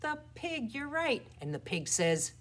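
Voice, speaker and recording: Her voice is on the high side and very animated as she leads a toddler storytime, this children's librarian alternating exaggerated quiet and loud voices through rhymes and a picture book. She speaks a little slowly.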